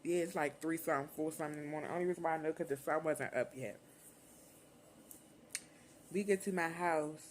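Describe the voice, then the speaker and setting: A young adult woman vlogger telling a storytime in casual, slangy, profane talk, animated and unfiltered. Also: deep voice, fairly quick, pauses often, a little hiss or hum.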